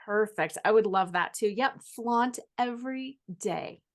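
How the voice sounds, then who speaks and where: A woman author and coach talks as a podcast guest. Her voice is fairly high and her manner is enthusiastic as she fires off lists of questions. The delivery is casual and fluent. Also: unhurried. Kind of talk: casual interview answers.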